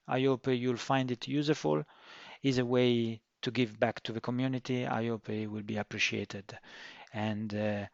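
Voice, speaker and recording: A man's voice: medium pitch, no room sound. Man teaching. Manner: non-native phrasing with frequent fillers and restarts; says he tries to speak slowly and clearly. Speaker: course instructor. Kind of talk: course introduction lecture. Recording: dry, dull lo-fi recording.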